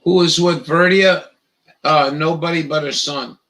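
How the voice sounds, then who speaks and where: A man hosting a casual live stream, rambling in a profane, halting way with lots of restarts. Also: on the high side, fairly even intonation, a bit bright, poor audio.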